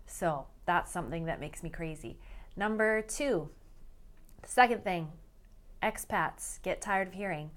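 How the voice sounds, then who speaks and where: A woman in her thirties with a North American accent, chatting casually to the camera, animated and laughing often. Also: fairly low pitch. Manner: animated, laughs often, exaggerated quoted voices. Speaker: vlogger.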